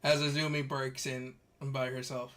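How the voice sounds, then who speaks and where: Guy GM narrating a tabletop game, easygoing, mid pitch, kinda rambly. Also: normal speed, slight background noise. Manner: relaxed storytelling with fillers and restarts. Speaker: game master.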